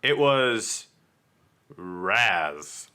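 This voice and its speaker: A man's voice: on the low side, big pitch swings, drawn-out words, bright, forceful tone. A man co-hosting a podcast, casually recapping comic book issues and acting out the characters' lines. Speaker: podcast co-host.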